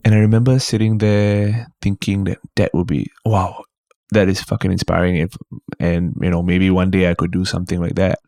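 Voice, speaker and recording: Male comedian, 30s, Singaporean English, deep and gravelly, lively anecdotal delivery. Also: normal speed, no room sound, studio quality. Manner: animated storyteller, slips into put-on voices. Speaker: guest comedian. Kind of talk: casual podcast chat.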